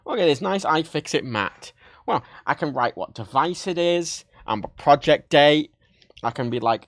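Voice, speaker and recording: A man hosts a livestream from his home desk, fairly high-pitched and very animated as he jokes and rambles. His excitable show-and-tell chatter swings up and down constantly. The sound is close and dry, with no room echo. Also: moderate pace. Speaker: livestream host. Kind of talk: casual livestream chat.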